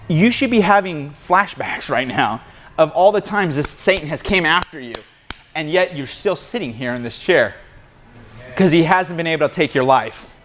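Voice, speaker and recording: A man giving a casual sermon at a men's breakfast in a coffee shop, telling a story with lots of animation and often calling his listeners "man.". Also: on the high side. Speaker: guest speaker at a men's breakfast.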